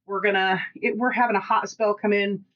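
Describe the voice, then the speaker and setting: A woman with a Pacific Northwest American accent, co-hosting a podcast in casual chat and telling stories with lively quoted dialogue. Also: mid-range voice, a little fast, highs cut off. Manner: chatty storytelling, animated quoted dialogue. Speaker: podcast co-host.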